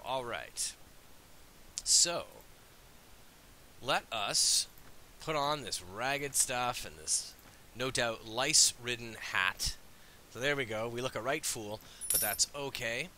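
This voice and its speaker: A man as host giving jokey, excitable let's play commentary. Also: mid-range voice, slow, long pauses, a little hiss or hum. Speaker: gaming host.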